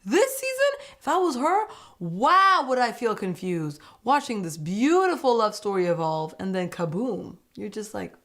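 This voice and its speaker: Woman vlogger doing a show recap, medium voice, lots of oohs and quick laughs, chatty and animated. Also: medium pitch. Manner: animated, exclaiming, quick laughs between remarks. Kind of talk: casual reaction commentary.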